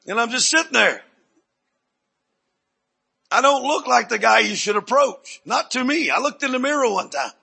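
Gravelly high-pitched preacher. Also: male voice, animated, normal speed, pauses often. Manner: dramatic storyteller, sudden swings from hushed to loud. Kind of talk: sermon testimony storytelling.

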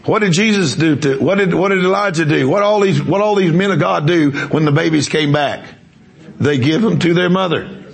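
A man's voice: on the high side, moderate pace, creaky. A man preaching a sermon, telling a story with emphasis and quizzing the congregation. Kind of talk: sermon with testimony.

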